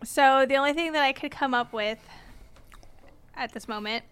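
A woman's voice: high-pitched, moderate pace, a bit bright. A woman from Southern California co-hosting a casual podcast, hesitant, with many ums and small laughs. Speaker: podcast co-host. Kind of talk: casual chat.

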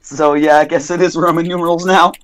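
A young man narrating a tabletop game as game master, halting with many ums and self-corrections. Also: a little high, little pitch movement, fairly bright tone, low-quality recording.

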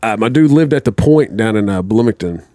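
A man's voice: fairly low pitch, expressive, fairly quick, warm tone, dry recording, studio quality. A man telling a long, rambling story as a podcast guest, swearing a lot and acting out what people said. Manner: rambling, heavy swearing, acts out quotes. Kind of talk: casual storytelling.

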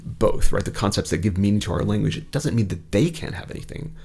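A man with a General American accent, speaking as a podcast guest in a measured, articulate way with frequent restarts. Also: fairly low pitch, expressive, creaky, a little mellow, breathy edge. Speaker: guest philosopher. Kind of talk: conversational podcast interview.

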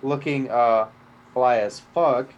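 A young man with a mid-range voice talks slowly and deliberately. He is blunt and slangy and swears freely. His takes on a show episode come out in unhurried podcast chat. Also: mid-range voice, fairly even intonation, highs cut off. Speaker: podcast co-host. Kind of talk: casual chat reviewing a TV episode.

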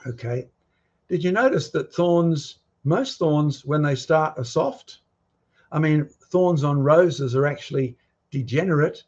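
Husky man lecturing with emphatic challenges. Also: fairly high pitch, lively intonation, unhurried, darkish tone, lo-fi sound. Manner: emphatic, throws rhetorical questions and challenges at the audience. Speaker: guest speaker on creation and fossils. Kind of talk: lecture with slides and audience questions.

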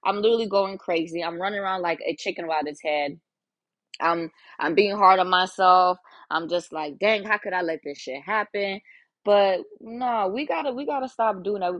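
A woman's voice: medium pitch, normal speed, fairly bright tone, dry recording, highs cut off. A young woman hosting a solo podcast, talking frankly and casually with lots of cursing, often acting out her own inner voice. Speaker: podcast host.

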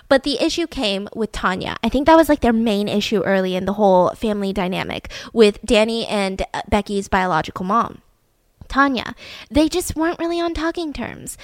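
A woman's voice: a little high, dry recording. A woman hosting a podcast, telling a true-crime story in a chatty, casual way and acting out quotes. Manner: chatty, acts out quotes, lots of "like". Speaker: podcast host.

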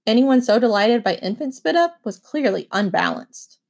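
A woman reading a children's novel aloud with expressive first-person narration. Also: fairly high pitch, moderate pace. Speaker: audiobook reader.

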